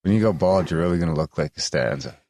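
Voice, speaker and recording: A man's voice: low-pitched, animated, fast, a little mellow, dry recording. A man co-hosting a podcast, joking and teasing in casual chat. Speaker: podcast co-host.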